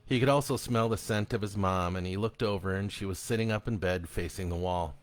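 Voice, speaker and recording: A man giving a live reading of his own horror story in an expressive, dramatic storytelling manner. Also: low-pitched, brisk.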